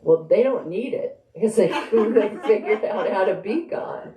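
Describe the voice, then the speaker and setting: A woman's voice: mid-range voice, animated, measured pace, mellow. A woman author speaking conversationally and reading from her novel at a live bookstore event. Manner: conversational, thinking aloud. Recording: roomy echo.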